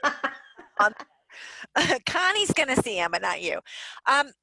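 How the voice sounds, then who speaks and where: A woman guest on a podcast, telling stories in a candid, animated way and swearing freely. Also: high voice, measured pace, gravelly, no room sound, low-quality recording. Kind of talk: casual interview chat. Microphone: home recording setup.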